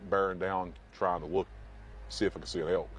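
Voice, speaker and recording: Low-voiced man telling his story. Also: little pitch movement, a little fast, a little hiss or hum. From Kentucky. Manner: plain-spoken, hesitant, with many uhs. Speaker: interviewee. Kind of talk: interview storytelling.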